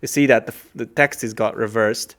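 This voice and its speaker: A man's voice: mid-range voice, fairly even intonation, normal speed, fairly bright tone. A man lecturing while he writes code live, thinking aloud with frequent fillers and self-corrections.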